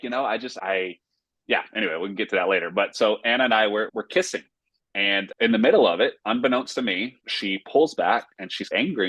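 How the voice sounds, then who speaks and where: Man, pastor guest, from North Carolina, low husky voice, dry close sound, earnest heartfelt storytelling. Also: fairly bright tone, no room sound. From Raleigh, North Carolina, US. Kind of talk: casual interview storytelling.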